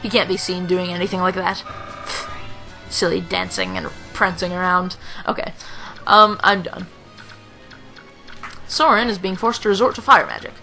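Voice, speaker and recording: A young woman narrates a video game with a bright, crisp tone. Her commentary is dry and rambling, full of self-mocking asides. Her throat sounds a bit rough. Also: fairly low pitch, steady tone, measured pace, long pauses, soft background music, rough recording. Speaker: let's play commentator. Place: home room.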